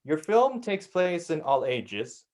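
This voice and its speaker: A man's voice: a little high, big pitch swings, takes it slowly, darkish tone. A man improvising a polite, formal news interviewer with stiff phrasing. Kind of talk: improv comedy.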